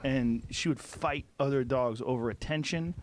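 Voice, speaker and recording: A man chatting casually, telling relaxed, rambling stories about his dogs. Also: mid-range voice, normal speed, a little hiss or hum. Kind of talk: casual chat.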